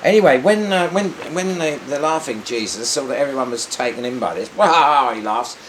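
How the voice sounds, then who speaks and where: An older man telling a rambling one-man comedy monologue on stage, halting and restarting often. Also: mid-range voice, a little hiss or hum. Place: theatre stage.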